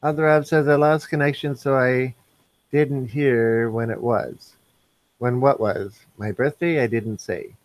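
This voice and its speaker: A man's voice: medium pitch, steady tone, unhurried, dry recording. A man hosting a casual live stream, reading viewers' chat messages aloud and answering them.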